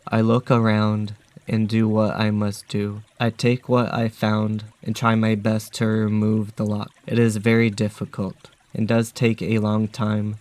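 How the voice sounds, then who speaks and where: A man narrating a dark first-person story in a flat, even way. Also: lowish voice, measured pace.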